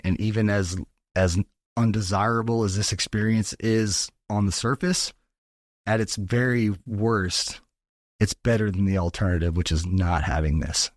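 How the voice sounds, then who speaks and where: Low deep guy on a podcast, earnest pep talk with lots of swearing, dry close mic. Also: steady tone, moderate pace, dry recording. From Texas. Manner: earnest, profane, motivational. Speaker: podcast guest.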